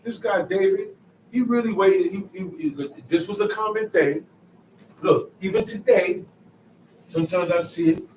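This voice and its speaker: A man's voice: high-pitched, moderate pace, slight background noise. Emphatic man preaching in an echoey room. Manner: emphatic, repeats phrases, swings from soft asides to loud outbursts. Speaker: teacher. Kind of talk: street-talk Bible teaching. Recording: echoey room, mic set far off.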